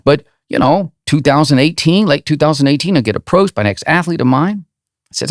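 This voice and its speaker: A man's voice: fairly high pitch, lively intonation, fairly quick, dry recording, studio quality. A middle-aged man hosting a podcast as a running coach, giving an emphatic, rambling motivational monologue full of tag questions like "right?".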